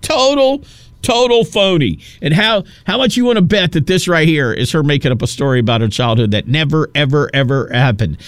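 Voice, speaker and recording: A man's voice: a little high, lively intonation, fast, few pauses, no echo. Sarcastic male talk radio host, dry studio sound. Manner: mocking, sarcastic. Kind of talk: opinionated talk radio monologue.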